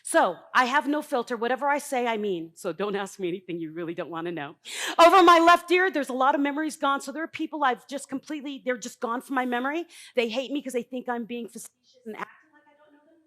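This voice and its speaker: A middle-aged woman giving a live motivational talk on a conference stage, blunt and emphatic, jumping from loud bursts to quiet asides. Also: fairly high pitch, expressive, fast, hardly any pauses. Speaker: conference speaker.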